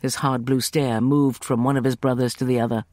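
A man narrating a first-person novel as an audiobook, reading in an expressive, animated way. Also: medium pitch, a little fast, no echo, studio quality.

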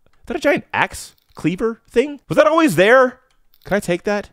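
A man playing a horror game and commenting nervously, yelling when scared and joking to cover his fear. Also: very high voice, big pitch swings, moderate pace, no echo, studio quality. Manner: yells and screams when scared. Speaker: let's play gamer.

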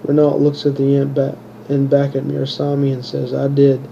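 A man reads his own story in a flat, unvarying voice with a dark, mellow tone. He stumbles and restarts words as he goes. The recording is dull and lo-fi with a faint hiss behind it. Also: medium pitch, moderate pace, creaky. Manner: monotone reading with stumbles and restarts. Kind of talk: unpolished audiobook narration.

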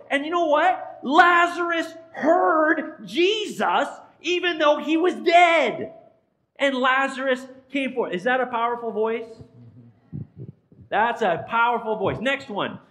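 A man's voice: extremely high pitch, normal speed, a bit bright, low-quality recording. A man, a pastor, giving an interactive sermon in a church and quizzing the congregation by name in a playful way. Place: church sanctuary.

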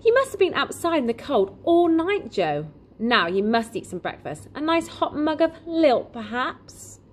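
Storybook: a woman doing a kindly, fussing shopkeeper, high and gentle, with faint hiss behind. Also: big pitch swings, measured pace. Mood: coaxing. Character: kindly jolly grown man, corner-shop keeper.

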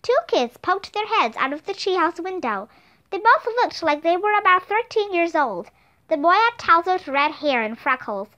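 A woman narrating a children's storybook aloud in an expressive, clear manner. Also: extremely high pitch, moderate pace. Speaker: audiobook reader.

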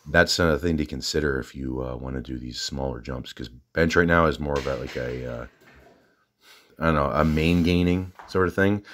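A Southern fitness vlogger with a very deep voice rambles through a casual gym vlog while out of breath. His speech is halting, full of fillers and restarts.

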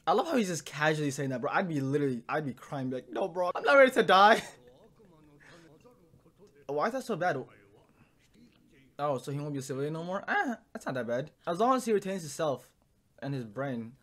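A young man reacting to an anime episode in casual commentary, emotional and swearing, swinging from low muttering to loud outbursts. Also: very animated, brisk, pauses often.

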